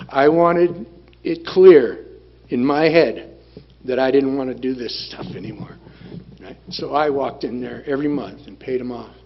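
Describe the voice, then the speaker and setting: Blunt, plain-spoken man telling his story. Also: fairly high pitch. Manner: plain-spoken, blunt, repeats phrases for emphasis. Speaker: speaker sharing recovery story. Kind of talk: personal testimony talk. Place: meeting room. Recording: dull lo-fi room recording with faint noise.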